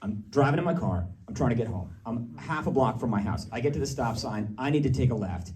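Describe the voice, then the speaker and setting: Brief: male stand-up comic, mid pitch, live room mic slightly distant, conversational with shouted rant bursts. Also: lively intonation, brisk, background noise. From Massachusetts. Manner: conversational, riffing with audience, bursts into shouted rants. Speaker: stand-up comedian. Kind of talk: stand-up comedy set. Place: comedy venue with live audience.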